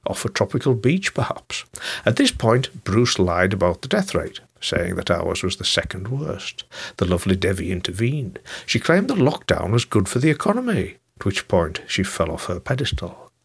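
Sardonic husky man, low voice. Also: very animated, moderate pace. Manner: sardonic, mocking. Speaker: political commentator. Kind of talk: scripted commentary.

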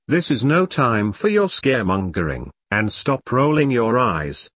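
A man's voice: medium pitch, sing-song, fairly bright tone, dry recording. A man reading the part of a pompous, bossy middle-aged army captain, in a dry voice. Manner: bossy, brisk, dismissive. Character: pompous self-important middle-aged male platoon captain.

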